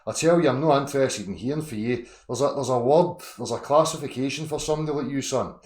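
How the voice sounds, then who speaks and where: A man's voice: mid-range voice, fast talker, a little mellow, roomy sound. A Scottish man hosting an online video hangout, ranting at a guest in a heated, profane argument full of insults. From Scotland.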